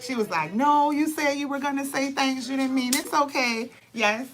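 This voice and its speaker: A young woman telling birth stories and giving advice in blunt, profane, animated casual talk. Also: high voice, moderate pace, noisy background. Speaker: vlogger, birth advocate. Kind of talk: candid casual talk to camera.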